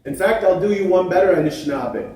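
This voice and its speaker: Man doing an ancient commanding spirit for a told legend, pitched a bit high, booming through an echoey theatre from afar. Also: lively intonation, quick pace, warm tone, distant mic, slight background noise. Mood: generous. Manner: raised, proclaiming delivery.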